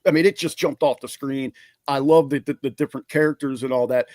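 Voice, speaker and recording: A man co-hosting a podcast in casual chat, animated and stumbling over words when excited. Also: mid-range voice, brisk, dry recording. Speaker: podcast co-host.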